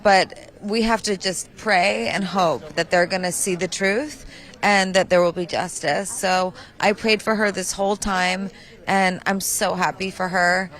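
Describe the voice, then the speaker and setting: A woman's voice: medium pitch, fairly even intonation, measured pace, fairly bright tone, poor audio. Woman singer, earnest and heartfelt, red carpet interview clip.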